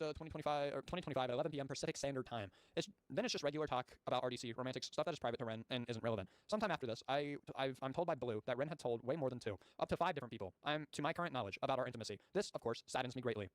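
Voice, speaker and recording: A man's voice: mid-range voice, racing, few pauses, dry recording. A man streaming, reading chat logs aloud and adding blunt commentary, with casual swearing.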